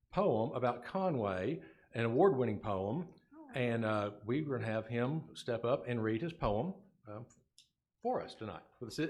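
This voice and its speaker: A man on a city council giving a casual, halting introduction of a guest at a meeting. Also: mid-range voice, a little mellow. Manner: halting, casual, with many fillers.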